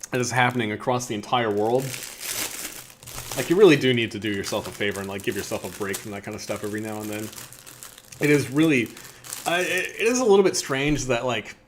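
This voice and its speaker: A man in his thirties talks through a casual lunch livestream, mid-pitched and easygoing. He reads satire aloud, stumbling over words with plenty of ums and uhs and laughing at the jokes. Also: a little fast, slight background noise. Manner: chatty, many fillers, laughs at what he reads. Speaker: livestream host.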